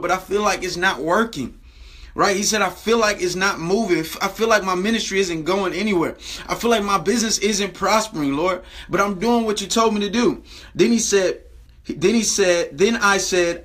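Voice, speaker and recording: A man preaching a Bible lesson to camera in his daily video, stressing scripture lines slowly and checking in with "right?". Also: high-pitched, fairly bright tone. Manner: emphatic, repeats phrases and asks "right?".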